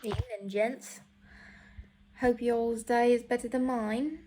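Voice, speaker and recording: A woman putting on a slow, folksy drawl as a friendly greeter. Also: on the high side, fairly even intonation, over loud music.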